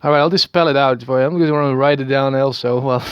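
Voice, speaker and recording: In a muffled recording without echo, a fast-talking man with a mid-range, steady, clean voice rambles through a self-recorded monologue. He is a Dutch video maker in his thirties, from the Netherlands, with a Dutch accent, and he hesitates, stammers into restarts and chuckles softly.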